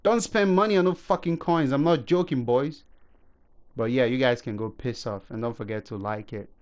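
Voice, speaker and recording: A man's voice: medium pitch, moderate pace, a little mellow. A young man ranting to his viewers, heated and profane, scolding them and then pleading with them. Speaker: gaming YouTuber. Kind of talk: angry rant to camera.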